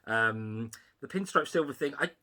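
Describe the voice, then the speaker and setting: A man co-hosting a casual review chat, talking quickly with asides and frequent laughter. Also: mid-range voice, lively intonation, sharp tone. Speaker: podcast co-host.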